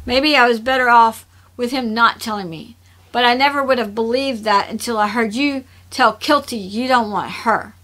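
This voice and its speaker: A woman's voice: a little high, normal speed, a bit bright, lightly acted. A woman reading as Kirsha, a hurt defiant young woman. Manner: bitter and defensive.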